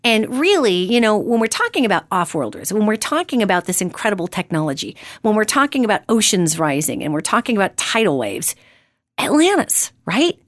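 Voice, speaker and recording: Animated woman hosting a radio show. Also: medium pitch, a little fast, dry recording, clean studio sound. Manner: animated, emphatic storytelling. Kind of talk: monologue on metaphysics.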